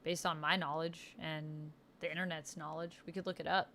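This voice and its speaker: A woman's voice: low voice, flat delivery, moderate pace, a bit bright, a little hiss or hum. A woman hosting a casual livestream, chatting enthusiastically about comics and reading out viewer comments as she answers them. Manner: enthusiastic comic-book fan talk. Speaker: livestream host. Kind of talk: casual chat.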